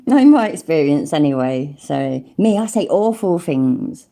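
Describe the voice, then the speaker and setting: A woman's voice: lowish voice, very animated, slow pace, mellow. An older woman hosting a casual live stream, chatting to her viewers, swearing freely and calling them love and mate. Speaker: livestream host.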